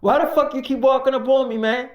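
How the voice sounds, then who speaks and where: A storyteller voicing an angry armed man who curses at workers and threatens to shoot them, in a loud, raised voice. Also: medium pitch, expressive, normal speed, dull audio, voice pushed up, natural voice. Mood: furious, threatening. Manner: cursing, threatening, shouting.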